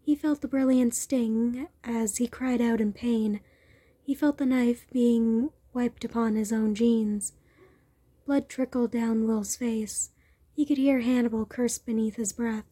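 A woman reads a dark story aloud at a very slow, deliberate pace. Her voice sits a little high but sounds mellow and breathy. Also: fairly even intonation. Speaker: podfic reader. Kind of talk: reading fan fiction aloud.

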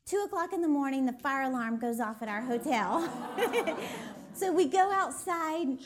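Bubbly high-voiced woman. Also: normal speed, background noise. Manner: bubbly, giggly, animated. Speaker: guest speaker at a women's church gathering. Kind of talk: chatty storytelling to a live audience. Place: church hall with a live audience. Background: audience laughter.

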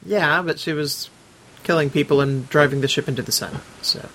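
A man's voice: a little high, moderate pace, bright, forceful tone, slight background noise. A man hosting a podcast in casual chat, reading listener reviews aloud with plenty of ums and uhs and adding his own remarks as he goes. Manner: hesitant, lots of ums and uhs, adds his own comments while reading. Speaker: podcast host.

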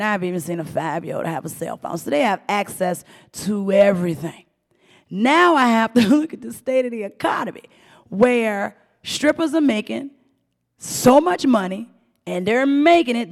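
A middle-aged woman hosting a profane, animated commentary rant, often mimicking voices and laughing. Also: fairly high pitch, long reverb tail. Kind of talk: ranting commentary monologue.

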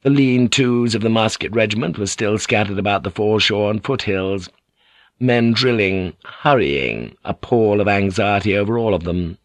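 Low-voiced man narrating an audiobook. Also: no echo. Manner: measured, dramatic storytelling.

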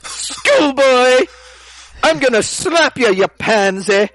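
A woman's voice: sits high, animated, slow, fairly bright tone, dry recording, pitched above the performer's own voice, full character voice, low-quality recording. Man putting on a shrieking hostile schoolgirl. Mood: shrieking threats. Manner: screeching threats.

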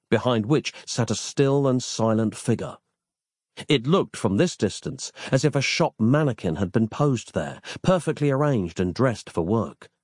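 A man reads a comic story aloud in a wry, deadpan way, letting his pitch rise and fall in lively swoops. The recording is close and dry, with no room sound. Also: no room sound. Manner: wry, deadpan, elaborate phrasing. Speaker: narrator. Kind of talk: scripted comic story narration.

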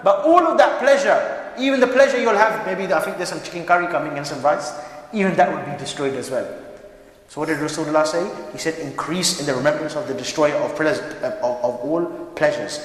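A man's voice: on the high side, brisk. Man preaching in an echoey hall. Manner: lively, joking asides to the congregation. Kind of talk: mosque sermon. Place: mosque hall.

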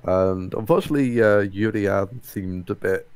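A man chatting casually in a laid-back, halting way, with many fillers. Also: fairly low pitch, clean tone, no room sound. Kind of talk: casual podcast chat.

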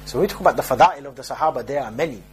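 Rapid-fire delivery in a medium-pitched voice marks this young man's informal religious talk, where he jokes through street stories and voices the characters in them. Slight background noise is present.

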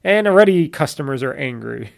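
A fast-food restaurant worker in casual chat, teasing and laughing often while chiming in. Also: medium pitch, lively intonation, gravelly.

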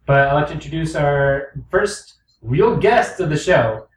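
A man's voice: on the high side, lively intonation, unhurried, distant mic. A man co-hosting a casual podcast, teasing his co-hosts and laughing often. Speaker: podcast co-host. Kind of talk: casual banter. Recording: echoey room, voice a bit off-mic, faint background noise.

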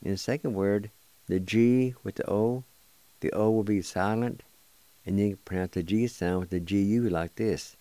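A man's voice: on the low side, normal speed, mellow, no room sound. A man hosting a radio language lesson, patiently spelling and sounding out words one syllable at a time. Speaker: radio host teaching a language.

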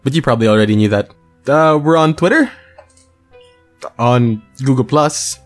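A man's voice: medium pitch, moderate pace, faint music behind. A man co-hosting a casual podcast, chatting loosely and spelling out web and email addresses. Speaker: podcast co-host.

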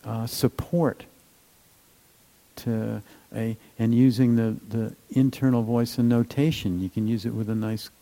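A man giving a gentle, unhurried meditation talk, with many fillers and trailing phrases. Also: mid-range voice, fairly even intonation, gravelly, poor audio. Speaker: meditation teacher.

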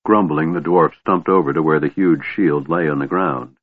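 A man narrating a fantasy audiobook in a steady, measured storytelling manner. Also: extremely low pitch, breathy edge, no room sound. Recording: tinny phone-like dry sound.

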